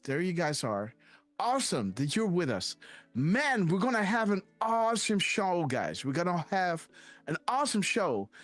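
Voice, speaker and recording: A man hosting a live stream in a casual chatty way, often calling out to viewers. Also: medium pitch. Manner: chatty, repeats "guys" often. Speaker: livestream host. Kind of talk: casual livestream chat.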